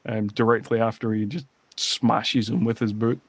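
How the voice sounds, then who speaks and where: Rambling animated man on a podcast. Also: lowish voice, moderate pace, husky, no echo. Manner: rambling, animated retelling with quoted lines. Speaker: podcast co-host. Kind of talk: casual film-review chat.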